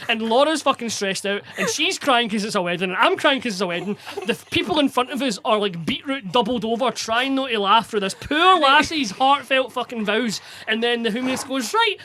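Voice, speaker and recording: A young Scottish man, a podcast co-host, telling a sweary, animated story in casual chat. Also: very high-pitched, fairly quick, few pauses, a little hiss or hum.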